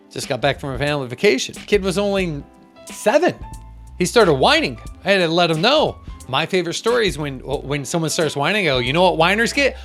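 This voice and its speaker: A man giving a motivational business talk as a coach, emphatic and acting out little dialogues with sudden jumps in pitch. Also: fairly bright tone.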